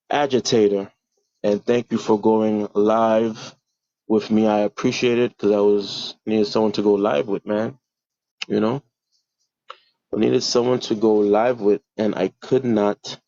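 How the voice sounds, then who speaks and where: A man's voice: fairly low pitch, creaky, warm tone, dry recording. A man hosting a casual livestream, rambling and repeating himself as he talks straight to his viewers. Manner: rambling, repeats words, addresses viewers directly. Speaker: livestream host. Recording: dull lo-fi stream audio.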